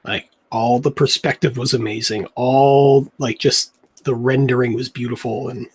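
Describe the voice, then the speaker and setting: A man's voice: mid-range voice, steady tone, moderate pace, husky. A young man, a comic artist, chatting in a rambling, laid-back way while he draws at home. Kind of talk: casual chat while drawing.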